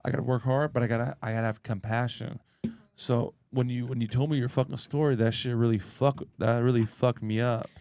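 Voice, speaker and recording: A man's voice: medium pitch, steady tone, fairly quick, gravelly, darkish tone, no room sound. A man hosting a casual chat, talking in an emphatic, profane way and repeating phrases as he builds his point.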